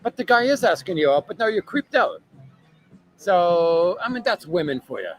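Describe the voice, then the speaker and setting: A man's voice: sits high, very animated, moderate pace, low-quality recording. A man chatting casually on a livestream in a bar or restaurant, reading viewer comments and rambling with lots of fillers, often tagging "right?" onto his sentences. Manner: rambling, filler-heavy, keeps asking "right?". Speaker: live streamer reading viewer chat.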